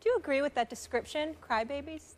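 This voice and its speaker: A woman's voice: sits high, fast, a little hiss or hum. A young woman hosting a morning sports talk show, upbeat and keeping the debate moving. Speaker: host.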